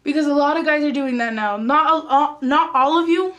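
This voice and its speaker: A teenage girl with a high, light voice talks straight to her viewers in a casual storytime vlog. She is chatty and animated as she recounts the exchange. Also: normal speed. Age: teens. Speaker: vlogger.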